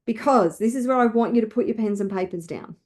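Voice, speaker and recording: A woman's voice: a little high, darkish tone. Emphatic woman wealth coach. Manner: slow, emphatic, repeating affirmations. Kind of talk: motivational coaching with affirmations.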